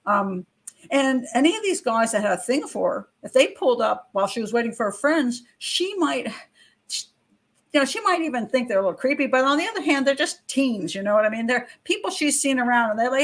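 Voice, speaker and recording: A woman's voice: a little high, lively intonation, fairly quick. An older woman hosting true-crime commentary, giving frank, opinionated views straight to viewers with casual asides and rhetorical questions. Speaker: criminal profiler and channel host.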